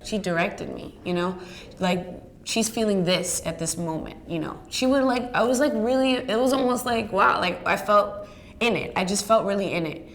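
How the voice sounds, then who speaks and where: An actress chatting about her work in an interview, telling stories in a lively way with plenty of fillers and laughs. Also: medium pitch, moderate pace, slight background noise. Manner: chatty, animated storyteller with many fillers and laughs. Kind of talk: casual storytelling interview.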